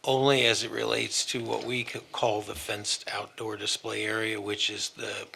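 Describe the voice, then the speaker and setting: A man's voice: on the low side, flat delivery, moderate pace, vocal fry, sharp tone, slight background noise. A man representing an applicant, explaining plans in a precise way. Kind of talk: formal testimony.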